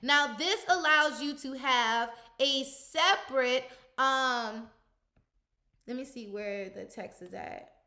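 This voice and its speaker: A young woman with a high, bright voice talks through an editing tutorial one step at a time. Her delivery is loose and chatty, full of little "um"s and "uh"s as she clicks along, like a coach showing a friend. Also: slow pace. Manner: chatty, step-by-step instruction with frequent fillers. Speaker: content coach. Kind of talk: screen-recorded software tutorial.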